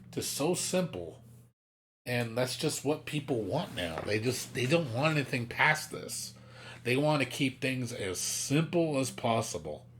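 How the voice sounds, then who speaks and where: A man's voice: mid-range voice, slight background noise. A man streaming, ranting in casual chat, profane and exasperated, mocking other people's voices.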